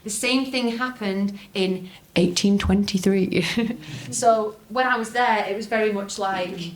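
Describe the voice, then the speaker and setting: A woman's voice: mid-range voice, unhurried. A young woman with a Lancashire accent giving a talk at a folk festival, with a wry, self-mocking humour and laughing asides. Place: festival talk venue, indoors. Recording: echoey room from a live talk.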